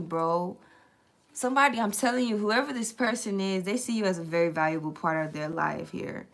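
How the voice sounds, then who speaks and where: A woman's voice: medium pitch, fairly quick. A young woman hosting a late-night tarot live stream, chatting loosely with viewers, reading out their comments and swearing freely.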